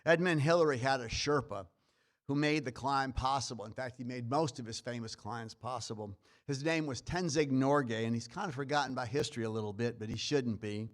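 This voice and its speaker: Brief: Brooklyn-accented dean, folksy and emphatic, opening an awards ceremony in a college event hall. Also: male voice, medium pitch, fairly quick. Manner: folksy, emphatic, with rhythmic rhetorical lists. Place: college event hall before a live audience.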